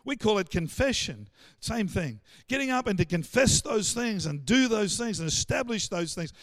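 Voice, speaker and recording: A man with an Australian accent preaching a sermon, animated and full of stammered restarts as he acts out the voices of the people he quotes. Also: high voice, moderate pace, no echo. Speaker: pastor.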